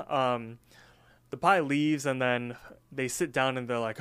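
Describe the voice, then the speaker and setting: A man co-hosting a casual podcast, walking through a cartoon episode scene by scene. He drops into little character voices whenever he quotes someone, then slides back into relaxed chat. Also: medium pitch, brisk, smooth. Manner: animated retelling that acts out the characters' lines. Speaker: podcast co-host.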